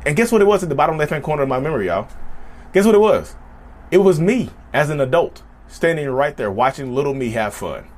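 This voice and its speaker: Fast-talking man telling a personal story. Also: a little high, very animated. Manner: chatty, repetitive, keeps addressing viewers as y'all. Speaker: vlogger. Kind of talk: casual storytelling to viewers.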